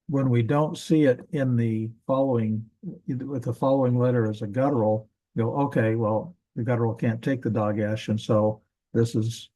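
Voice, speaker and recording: Mellow-voiced man teaching Hebrew grammar. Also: medium pitch, rough recording. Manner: casual, thinking aloud with self-corrections. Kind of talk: classroom grammar lesson.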